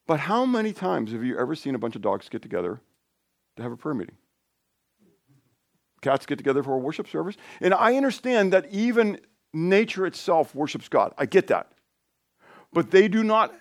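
In a dry, studio-quality recording, a man preaches casually and conversationally, wandering off into asides and starting over at times. His voice grows animated and climbs higher as his excitement builds.

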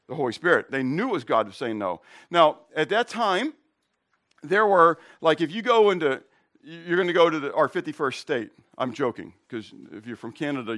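A middle-aged male pastor delivers a sermon as casual talk, pausing to ask the congregation questions and slipping in jokes and stories of his own. His voice sits a little high for a man and moves about with plenty of lift and drop. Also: a bit bright. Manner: conversational, asks the congregation questions; jokes and tells personal stories.

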